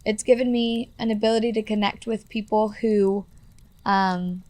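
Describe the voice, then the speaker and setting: A woman's voice: mid-range voice, steady tone, moderate pace, darkish tone, no echo. Earnest young woman, dry close sound. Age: 20s. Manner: earnest, heavy on fillers like "like" and "you know". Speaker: guest. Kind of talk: personal storytelling in a podcast interview.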